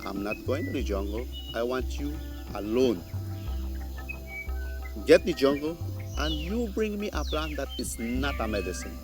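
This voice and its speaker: A storyteller voicing a kindly old male bush doctor who speaks slowly, low and gently. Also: lively intonation, over music, lightly acted. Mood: patient, gentle.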